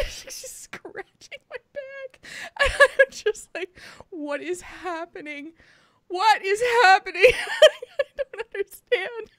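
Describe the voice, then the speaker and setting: A woman's voice: very high voice, sharp tone, no echo, clean studio sound. A woman co-hosting a podcast, telling a story in casual chat, often laughing through it and whispering when she quotes others. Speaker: podcast co-host.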